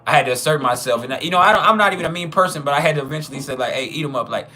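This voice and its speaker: Bright-voiced man telling a profane story. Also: a little high, very fast. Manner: profane, chuckling, trailing restarts. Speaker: channel host. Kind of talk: casual storytelling monologue.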